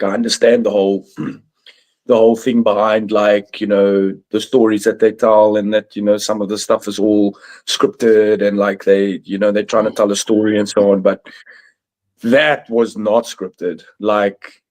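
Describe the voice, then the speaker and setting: A man's voice: on the low side, a little mellow. A man on a streamed video call, rambling through his opinions with many likes and restarts. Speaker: podcast panelist. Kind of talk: casual chat.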